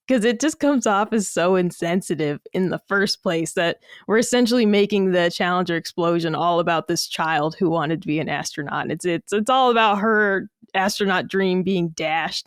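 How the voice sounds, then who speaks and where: Blunt, swearing woman on a smooth, dry podcast mic. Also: on the low side, normal speed, few pauses, no room sound. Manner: blunt, animated, swears freely. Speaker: podcast guest. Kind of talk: casual podcast chat.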